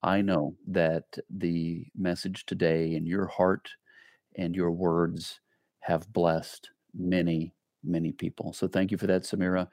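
A man hosting a podcast, thanking his guest and delivering a measured, deliberate sign-off. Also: low voice, little pitch movement, a little mellow, dry recording, clean studio sound. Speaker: podcast host. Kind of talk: podcast interview and outro.

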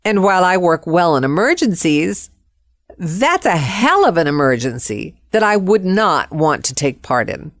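A woman telling a personal story in a vivid, expressive way, acting out the quotes. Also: on the low side, normal speed, no echo, studio quality.

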